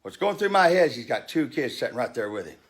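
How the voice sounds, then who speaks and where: A man's voice: mid-range voice, very animated, fast. A man in his fifties telling a story in a heated rant, blunt and profane. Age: 50s. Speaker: vlogger.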